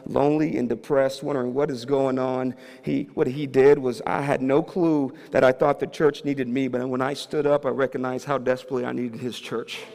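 A man preaching a sermon, moving between quiet storytelling and loud, fervent preaching. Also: medium pitch, little pitch movement, normal speed, gravelly, hardly any pauses. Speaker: pastor. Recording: reverberant hall with faint ambience.

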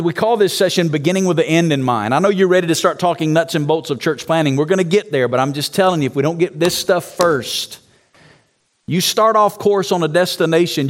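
A man preaching a teaching session to church planters, talking straight to the audience with rhetorical asides, dropping low and quiet and then climbing to loud, high shouts.

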